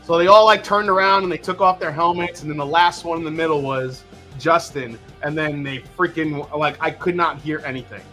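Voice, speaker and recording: A man's voice: on the high side, steady tone, a little fast, pushed and bright, soft background music. A middle-aged man hosting a casual live stream, joking and swearing freely as he chats with a guest and reads the chat. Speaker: livestream host.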